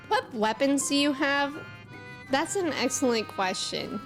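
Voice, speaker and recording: A woman's voice: sits high, animated, unhurried, soft background music. A young woman streamer chatting casually and playfully with her viewers, giggling often. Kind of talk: casual live-stream chat.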